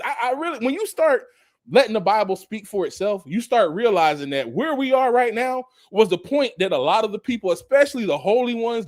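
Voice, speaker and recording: A man giving a casual scripture teaching, animated, often laughing and reading verses aloud. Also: high voice, dry recording, clean studio sound. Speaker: preacher.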